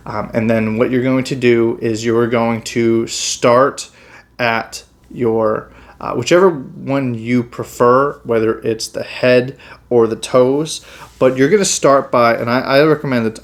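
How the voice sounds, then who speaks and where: A man, a chiropractor, explaining meditation and breathing techniques in a relaxed, casual way, with many fillers and restarts. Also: medium pitch, a little slow. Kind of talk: casual health instruction.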